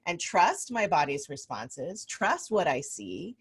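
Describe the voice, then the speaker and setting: A woman hosting an interview, explaining ideas thoughtfully and voicing quoted thoughts brightly. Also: on the low side, very animated, slow pace. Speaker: interview host and coach. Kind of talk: casual interview chat.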